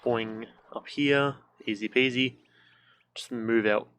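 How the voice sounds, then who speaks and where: A man's voice: medium pitch, steady tone, slow, fairly bright tone, a little hiss or hum. A young man streaming a video game from a room at home, casual let's-play commentary, joking, swearing and making silly sound effects.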